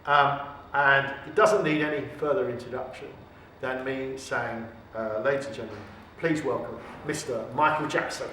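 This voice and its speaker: A man's voice: mid-range voice, steady tone, normal speed, pushed and bright. A man with a British accent hosting a mock talk show interview, polite and formal with some hesitation. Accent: British English. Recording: echoey room, distant mic, faint noise.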